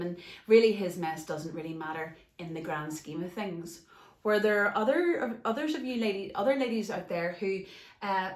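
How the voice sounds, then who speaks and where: A woman's voice: mid-range voice, reverberant. A woman life coach and podcast host speaking off the cuff in an earnest, emphatic way. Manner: earnest, emphatic, gets emotional at times. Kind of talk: unscripted podcast monologue.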